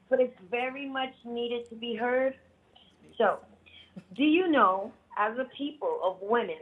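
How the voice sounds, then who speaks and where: A woman's voice: on the high side, husky. A woman speaking with passion and a preachy tone to a talk-show audience. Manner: impassioned, preachy. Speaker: segment speaker. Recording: tinny phone line.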